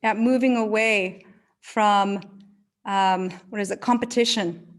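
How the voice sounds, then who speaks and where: A woman's voice: medium pitch, steady tone, takes it slowly. A woman hosting an online event on a video call, affirming speakers with short praise words. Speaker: event host.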